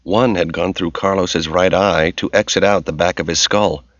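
This is lo-fi, dull audiobook audio of a man reading a novel from a script. His low voice stays steady and measured, and there's no room sound.

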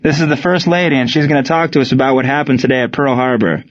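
A man's voice: medium pitch, steady tone, fast, voice pushed up, natural voice. A man playing a firm family father in an audiobook, speaking plainly and seriously. The recording is slightly muffled.

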